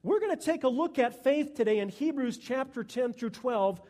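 Male pastor, sermon, earnest, emphatic, high voice, long reverb. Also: expressive, moderate pace, a little mellow. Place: church sanctuary during a Sunday service. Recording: long echo of a church hall.

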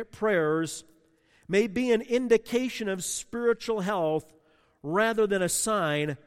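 A man with a notably high voice preaches from the pulpit. He talks with passion, sinking low and quiet before surging loud. His words ring out with a long church-hall reverb. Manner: passionate, swings from hushed to loud. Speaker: pastor. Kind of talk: sermon.

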